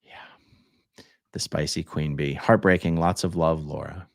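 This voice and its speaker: A man's voice: a bass voice, steady tone, measured pace, vocal fry, no room sound, studio quality. A man hosting a livestream, reading viewer comments aloud in a laid-back way, and chatting with his guest. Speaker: livestream host reading chat. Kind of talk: casual livestream chat.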